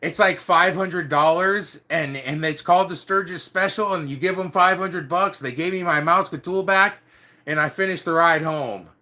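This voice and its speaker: A man's voice: fairly high pitch, normal speed, bright, forceful tone. A middle-aged man casually telling a rambling story, peppered with "dude" and "like". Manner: rambling, swears mildly, says "dude" and "like" often. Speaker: storyteller recounting biker club days.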